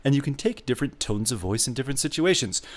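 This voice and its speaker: A man's voice: mid-range voice, animated, fast. A man co-hosting a casual podcast, patiently explaining vocal technique and demonstrating. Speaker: co-host giving a voice lesson.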